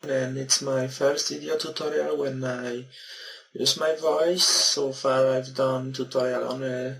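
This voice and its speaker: A man's voice: medium pitch, fairly even intonation, measured pace, gravelly, fairly bright tone, echoey room. A man who is not a native English speaker giving a hesitant, careful introduction to a video tutorial, heard in an older clip played back.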